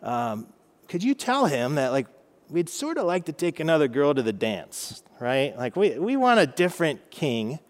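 A man's voice: a little high, very animated, normal speed, big-room sound. A man voicing a brash male Israelite with a Brooklyn accent, pushy and casual. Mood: pleading.

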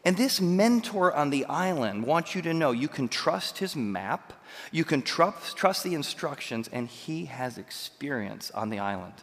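Animated preacher in a reverberant hall. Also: male voice, on the high side, a little slow. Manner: animated storytelling, jumps between loud and soft. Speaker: pastor. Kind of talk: sermon.

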